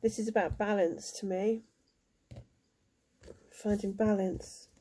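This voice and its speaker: A woman giving a spiritual card reading, emotional and halting, with many fillers. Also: medium pitch, fairly even intonation, background noise. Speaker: tarot card reader.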